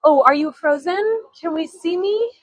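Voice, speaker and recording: A high-voiced woman from Chicago guides a live-streamed walking tour outdoors. She chats and giggles and drifts into storytelling asides. Her voice comes through a phone mic with dry, close sound. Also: moderate pace, no room sound, poor audio. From Chicago, USA. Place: outdoors on city streets.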